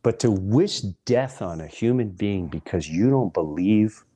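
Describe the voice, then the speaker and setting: A middle-aged man hosting a podcast, delivering an impassioned monologue and hammering single words with long pauses between them. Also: on the low side, animated, dark tone. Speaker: podcast host.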